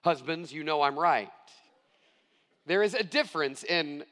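A middle-aged male pastor preaching a sermon, earnest and emphatic, stressing key phrases slowly. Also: on the high side, animated, pushed and bright, big-room sound.

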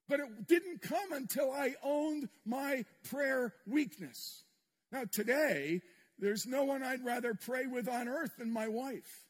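A man's voice: very high voice, husky. An older man preaching a sermon to a congregation, telling a personal story in a candid, self-deprecating way with touches of humor. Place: church sanctuary with congregation. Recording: long reverb in a large hall.

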